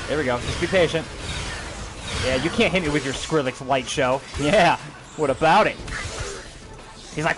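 A young man streaming a video game, joking excitedly and swearing as he plays, laughing at his own jokes. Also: fairly high pitch, moderate pace, long pauses. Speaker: gaming livestreamer. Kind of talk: casual let's-play commentary. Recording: game music playing behind the voice.

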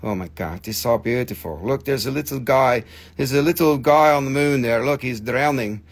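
A man's voice: mid-range voice, normal speed. A man hosting a live gem sale show, chatty and joking, swearing casually, with phrasing. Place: gem shop studio.

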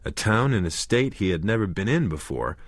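A man narrating an audiobook in a measured, expressive way. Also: on the low side, dry recording, clean studio sound.

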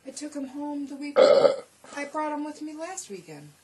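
A woman's voice: high-pitched, expressive, unhurried, dark tone, a little hiss or hum. A woman talking in a giggly, offhand and playful way during a casual chat at a friend's house.

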